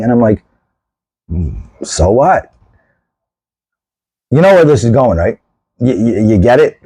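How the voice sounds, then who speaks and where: A man in casual storytelling mode as host of his own video channel, animated and self-mocking, and sick with a lung infection. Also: mid-range voice, dry recording, rough recording. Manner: animated, self-mocking, gestures while telling.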